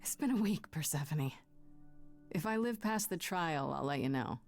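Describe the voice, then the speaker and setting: An actress playing a weary, wry young woman heroine in a video game, with dry, sardonic delivery and soft game music behind her. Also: low-pitched, animated, moderate pace.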